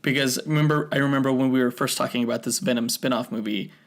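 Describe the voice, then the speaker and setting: A young man co-hosting a podcast, talking in a relaxed, conversational way and leading the topics. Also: mid-range voice, fast. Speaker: podcast co-host. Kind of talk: casual podcast chat.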